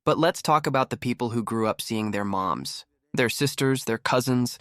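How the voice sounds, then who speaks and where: A man hosting a commentary channel, talking in a mocking, animated way and acting out quotes. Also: medium pitch, normal speed, dry recording, clean studio sound. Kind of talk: reactive commentary.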